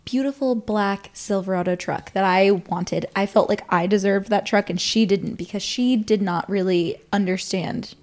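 A young adult woman co-hosting a podcast, telling stories in a casual, animated way and swearing freely. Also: mid-range voice, normal speed, hardly any pauses. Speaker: podcast co-host. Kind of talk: casual storytelling chat.

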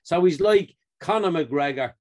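A man's voice: a little high, lively intonation, unhurried. A man co-hosting a podcast, chatting casually and telling stories with frequent laughs. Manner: chatty storyteller who laughs often. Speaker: podcast co-host. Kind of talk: casual chat.

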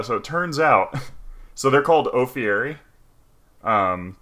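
A man's voice: medium pitch, expressive, slow, sharp tone. A man casually recapping a video game story, rambling with lots of filler words and acting out the characters' lines. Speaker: podcast co-host recapping a game. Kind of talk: casual chat.

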